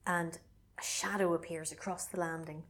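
A woman co-hosting a podcast casually retells a film plot, swearing freely and bursting into mock voices as an animated storyteller. Her voice is on the low side and she speaks at normal speed.

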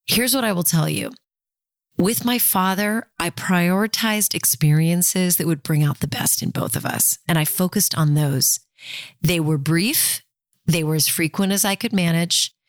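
A woman's voice: on the low side, measured pace, no echo, clean studio sound. A woman in her fifties giving candid, conversational personal advice and talking straight to her listeners.

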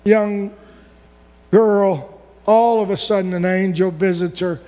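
A male pastor preaching a sermon, reading scripture aloud and building to repeated shouted lines. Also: high voice, fairly even intonation, slow pace. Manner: preaching with rising shouts and repetition. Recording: long reverb of a hall.

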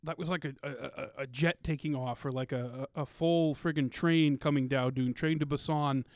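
A man in casual podcast chat, talking excitedly in slangy, loose phrasing. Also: mid-range voice, normal speed, no echo, clean studio sound.

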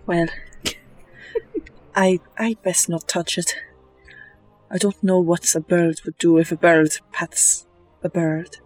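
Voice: medium pitch, fairly even intonation, slow pace, long pauses, soft background music, low-quality recording. A player voicing a mild-mannered, folksy adventurer with old-fashioned phrasing. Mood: polite.

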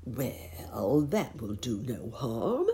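Cheerful old bunny gentleman from a storybook, as a woman reader puts him on, low-voiced and unhurried. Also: big pitch swings, exaggerated voice. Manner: cheerful, chuckling. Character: kindly old rabbit gentleman.

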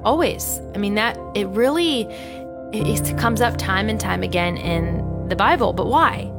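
A woman giving a devotional talk in a measured way, stressing each word. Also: medium pitch, lively intonation. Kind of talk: devotional talk over music. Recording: loud music bed underneath.

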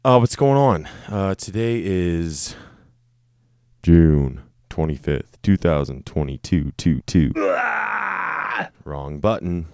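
A man's voice: deep voice, lively intonation, takes it slowly, pauses often, dark tone, dry recording, studio quality. A young man hosting a casual solo podcast, rambling and joking with plenty of swearing. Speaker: podcast host.

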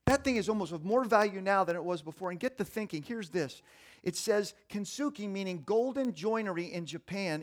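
Animated preacher with a fairly high voice. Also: male voice, fairly quick. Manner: animated, swinging between hushed and loud; conversational, streetwise, folksy. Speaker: pastor. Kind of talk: sermon.

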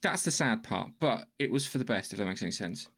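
A man's voice: on the low side, animated, fast, a bit bright. A man co-hosting a podcast, retelling a film plot in a loose, rambling way, hunting for words and swearing casually. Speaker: podcast co-host. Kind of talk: casual film review chat.

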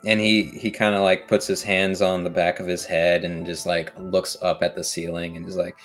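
A man's voice: low voice, flat delivery, normal speed, few pauses, fairly bright tone, soft background music. A man narrating as game master in a casual, filler-heavy way, often laughing.

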